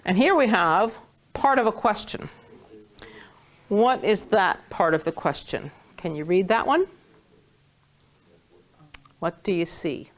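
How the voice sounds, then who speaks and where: A woman's voice: medium pitch, lively intonation. A woman teaching a Hebrew reading lesson to a small class, patient and playful, stretching out key words. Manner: patient, playful, drawn-out words when stressing.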